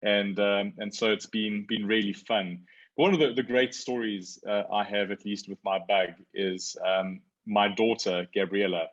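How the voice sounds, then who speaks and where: A man in his forties telling a story as a guest in a casual conversation, lively when he quotes others. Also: fairly low pitch, unhurried, lo-fi sound.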